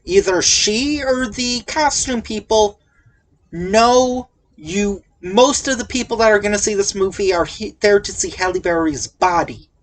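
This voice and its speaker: A woman's voice: medium pitch, unhurried. Rambling, jokey woman recapping a movie. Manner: rambling, jokey, full of tangents and asides. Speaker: podcast host reviewing a movie. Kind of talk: casual chat.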